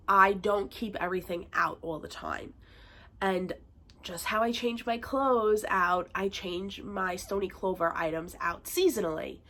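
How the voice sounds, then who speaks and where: A woman's voice: medium pitch, fairly bright tone. A young woman talks through a casual vlog from her bedroom, her voice stuffy and nasal from a bad cold. She rambles in a chatty way, dropping fillers as she goes. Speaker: vlogger. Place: bedroom at home.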